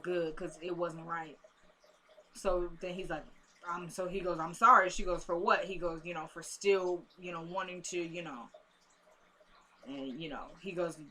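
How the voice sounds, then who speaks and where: A woman's voice: on the low side, a bit bright. A woman casually recapping a TV episode for her viewers, chatty and drifting into asides, calling them "y'all".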